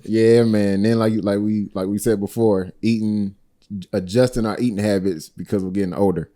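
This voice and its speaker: Male guest, 30s, lowish voice, laid-back conversational delivery. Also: normal speed. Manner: easygoing, relaxed, often saying "you know what I mean". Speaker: podcast guest. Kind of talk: casual chat.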